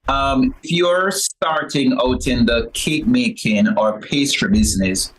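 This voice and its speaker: A man's voice: mid-range voice, slow, a little hiss or hum, low-quality recording. A man from Jamaica with a Jamaican accent, a cake shop owner telling stories as a talk show guest, easygoing with many fillers. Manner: relaxed storytelling with many "you know" fillers. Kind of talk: casual talk show interview.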